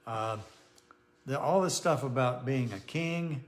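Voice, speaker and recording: A man, a pastor, leading a relaxed Bible study, talking conversationally, often restarting sentences and chuckling as he reads scripture aloud. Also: medium pitch, slow. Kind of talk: informal Bible study teaching.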